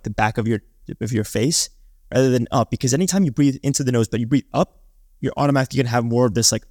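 A man's voice: medium pitch, a little mellow, dry recording, clean studio sound. A man who hosts a podcast, giving casual advice in a chatty way, often restarting and filling with likes and ums. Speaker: podcast host.

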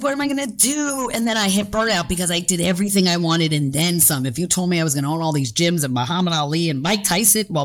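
A woman around fifty, a fitness coach and gym owner, talking candidly in an interview, acting out her inner voices and swearing freely. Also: lowish voice.

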